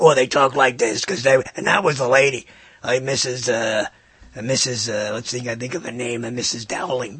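Older man, rambling monologue, wide swooping pitch, dry close sound. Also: vocal fry, slightly rough, dry recording. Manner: animated, swoops up in pitch for questions. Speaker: speaker musing to listeners.

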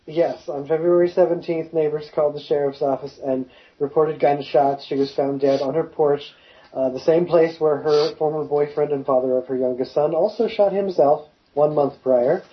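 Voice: medium pitch, steady tone, moderate pace. A co-host in a casual chat, reading notes aloud and adding wry remarks. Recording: dull lo-fi sound.

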